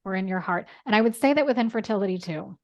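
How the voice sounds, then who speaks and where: A woman guest on a podcast, talking earnestly in casual chat, with quick bursts and lots of "like". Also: mid-range voice, a little mellow, highs cut off.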